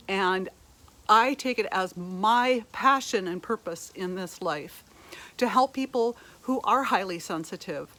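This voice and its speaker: A woman's voice: medium pitch, slight background noise. A middle-aged woman, an energy healer and spiritual life coach, talking earnestly and reflectively in a spiritual energy update. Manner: earnest, reflective, with fillers and soft laughs.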